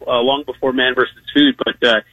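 A man's voice: mid-range voice, steady tone, brisk, no echo. A man, a guest on a radio show, telling stories in a loose, chatty way with lots of laughs and fillers. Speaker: guest, TV food challenge host. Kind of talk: casual radio interview. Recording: dull lo-fi phone-in sound.

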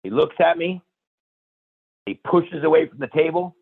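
A male guest chef telling animated stories on a radio show, full of restarts and repeated phrases. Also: a little high, normal speed, gravelly, slightly rough, no room sound. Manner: energetic, repeats and restarts phrases, acts out quotes. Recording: tinny phone line, dry.

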